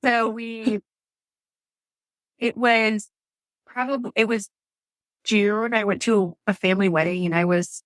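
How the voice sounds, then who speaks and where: A woman's voice: medium pitch, steady tone, a little slow, pauses often, no room sound. A woman who works as a nurse, telling her story as a podcast guest in a chatty way with many fillers. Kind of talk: casual storytelling interview.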